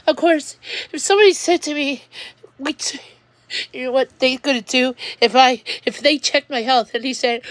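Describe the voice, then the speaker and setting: A woman livestreams from home in an emotional personal monologue, rambling while upset and often restarting sentences. Her voice is high, her pace moderate, with no room sound in the recording.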